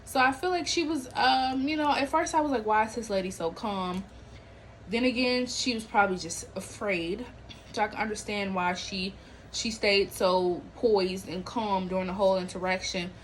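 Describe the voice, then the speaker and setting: Poor audio with a little hiss or hum captures a woman hosting a podcast in a mid-range voice at moderate speed. Her casual chat on celebrities and viral news is animated and slang-heavy, broken up by laughter and acted-out quotes.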